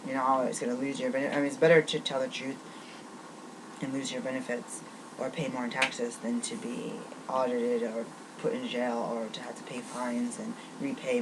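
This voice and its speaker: A woman's voice: a bass voice, noisy background. A woman venting in a rambling vlog monologue, riled up and angry, tripping over restarts as she talks. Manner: rambling, agitated ranting with many restarts. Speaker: vlogger.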